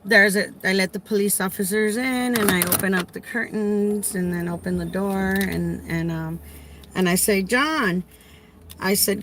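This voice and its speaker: Animated middle-aged woman telling a story. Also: medium pitch, measured pace, a little hiss or hum. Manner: animated, acts out dialogue, raises voice when quoting herself. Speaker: caregiver. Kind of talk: casual storytelling to viewers.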